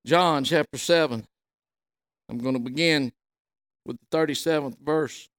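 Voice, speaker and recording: A middle-aged man, preaching a folksy sermon and reading scripture, rising loud on quoted words. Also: a little high, unhurried, dry recording.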